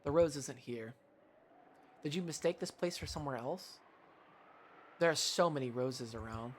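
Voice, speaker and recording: A man's voice: medium pitch, moderate pace, slight background noise, close to an everyday voice. A man reading the lines of a stern mother who scolds her daughter curtly. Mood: impatient. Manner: curt and scolding.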